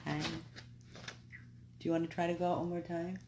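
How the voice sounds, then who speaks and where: A woman's voice: on the low side, little pitch movement, fairly quick. A woman who runs a dog rescue, chatting casually with viewers and talking to her dogs between thoughts. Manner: chatty, talks to viewers and dogs, repeats words. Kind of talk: casual live video chat. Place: indoor rescue house with barking dogs. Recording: noisy home recording.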